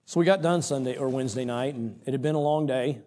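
A middle-aged man preaching, telling a story about himself in an animated, self-mocking way with quoted asides. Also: mid-range voice, fast talker, slight background noise. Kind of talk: storytelling sermon.

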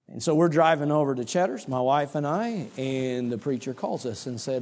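A middle-aged man preaching, telling a story about himself in an animated, self-mocking way with quoted asides. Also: mid-range voice, normal speed, few pauses. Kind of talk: storytelling sermon.

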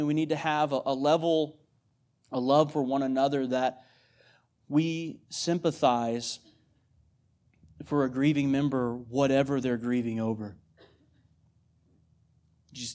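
Guy in his 30s preaching to his church, chatty and informal, kinda higher voice, asks the room questions. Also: darkish tone. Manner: conversational, repeats words, asks the congregation questions. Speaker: missionary preacher. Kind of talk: sermon.

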